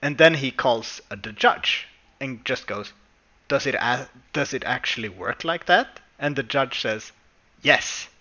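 Man, bright voice, excited storytelling, slightly dull lo-fi sound. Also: mid-range voice, measured pace. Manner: excited storytelling with bursts of laughter. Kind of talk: casual podcast chat.

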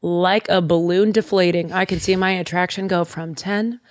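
A woman's voice: on the low side, moderate pace. Chatty young woman telling stories. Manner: animated storytelling, frequent fillers and restarts. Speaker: podcast co-host. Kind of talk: casual chat.

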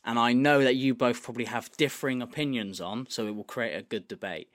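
A man of ordinary pitch hosts a laid-back podcast with blunt, jokey banter. He swears often and teases his co-hosts. The sound is close and dry. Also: fairly quick, fairly bright tone, no room sound. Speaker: podcast host. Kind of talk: casual chat.

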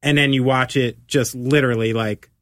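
A laid-back host asking questions in a casual interview, tossing in quick agreements and the odd swear. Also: mid-range voice, fairly even intonation, a bit bright, no room sound.

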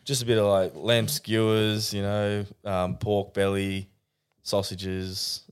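A young man with a low voice banters on a casual podcast. He calls people mate, jokes about food and swears freely. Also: flat delivery, slow pace, smooth. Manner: matey, joking, swears. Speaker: podcast co-host.

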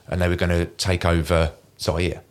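A middle-aged man, a former Royal Marine guest telling an animated war anecdote in a casual interview. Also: low voice, normal speed. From Kent, England. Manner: animated anecdote teller, mimics voices in quoted lines.

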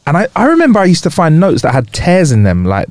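A man's voice: on the high side, huge pitch swings, quick pace, a little mellow, no echo. Man, podcast co-host, playful riffing, dry close sound. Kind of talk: casual chat.

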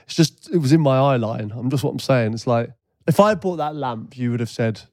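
A man's voice: medium pitch, animated, brisk, darkish tone, dry recording, studio quality. A man co-hosting a podcast, rambling and defending himself in a jokey way. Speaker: podcast co-host. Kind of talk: casual chat.

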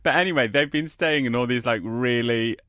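A man's voice: mid-range voice, fairly quick, smooth, dry recording. Man, podcast co-host, chatty storyteller, dry close mic. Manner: chatty storytelling, lively anecdotes with put-on voices. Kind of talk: casual chat.

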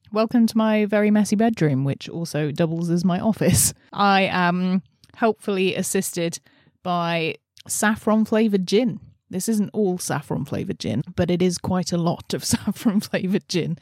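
A woman's voice: on the low side, mellow, no echo, studio quality. A woman hosting her channel, chatting casually to camera from a messy bedroom office, giggling and poking fun at herself. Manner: chatty, giggly, self-deprecating. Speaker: channel host. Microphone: laptop setup with headphones.

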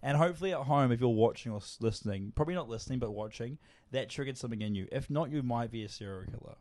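A young man co-hosting a podcast in loose, casual chat. He swears a lot, laughs easily and rambles through his stories in a mid-pitched voice. The recording is dry and close, with no room sound. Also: rapid-fire, a little mellow, no echo. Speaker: podcast co-host.

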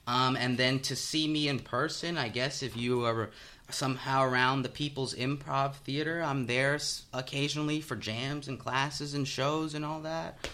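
Bright-voiced earnest improviser guest. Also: male voice, mid-range voice, steady tone, moderate pace, slight background noise. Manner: earnest, hesitant, with fillers. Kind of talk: casual comedy podcast chat.

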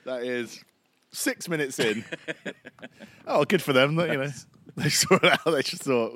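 A man's voice: medium pitch, unhurried, fairly bright tone. A man co-hosting a casual cricket podcast outdoors, easygoing and jokey, hedging with many fillers. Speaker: podcast co-host. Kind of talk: casual chat. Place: outdoors, sunny and breezy.

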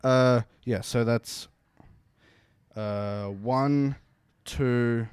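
Male podcast co-host, casual and self-deprecating, swears freely, mid pitch, dry close sound. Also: fairly even intonation, drawn-out words, darkish tone, clear, resonant tone, no echo. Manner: laid-back, swears often, self-deprecating. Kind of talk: casual chat.

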